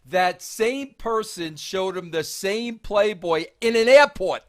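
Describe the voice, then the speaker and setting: High-voiced man hosting an interview. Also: lively intonation. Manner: quick to laugh, short affirmations. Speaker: host. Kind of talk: casual shoot interview.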